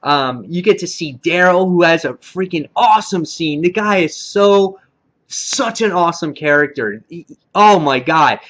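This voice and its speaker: A man reviewing a TV episode in a casual, excitable recap, full of fillers and mild swearing. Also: fairly high pitch, a little slow, lo-fi sound. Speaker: TV show reviewer.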